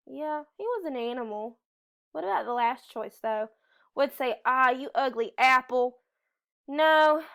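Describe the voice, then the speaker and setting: Slow musing woman teacher thinking aloud. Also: a little high. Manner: slow, musing, reads sentences aloud carefully. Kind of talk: reading lesson think-aloud.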